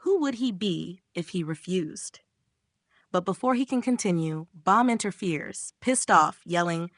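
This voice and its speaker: Woman narrator, animated, casual, dry close mic. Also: on the low side, unhurried, dry recording. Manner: animated, slangy storytelling. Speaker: manga recap narrator. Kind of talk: casual story recap with voiced characters.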